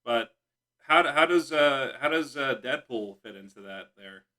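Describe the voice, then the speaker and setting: Bright-voiced, rambling young man. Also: medium pitch, lively intonation, a little slow. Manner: rambling, loose with fillers and restarts. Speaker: podcast co-host. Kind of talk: casual chat.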